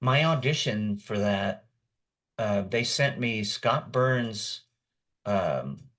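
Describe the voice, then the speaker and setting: In a relaxed chat, a guest voice actor in his sixties spins long, meandering anecdotes and chuckles along the way. His voice sits fairly low but carries a rather bright tone.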